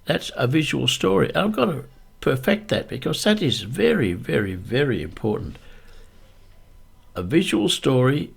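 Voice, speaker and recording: A man with a gravelly, husky voice talks low and deep right up close to the microphone. He practices a voiceover monologue, coaching himself deliberately and repeating his points. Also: sing-song. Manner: deliberate, repetitive self-coaching. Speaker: YouTube creator.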